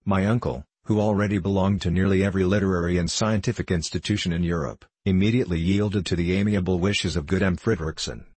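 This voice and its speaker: A man narrating a classic novel as an audiobook, in a measured, formal manner. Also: low-pitched, steady tone, a little mellow, husky, no room sound.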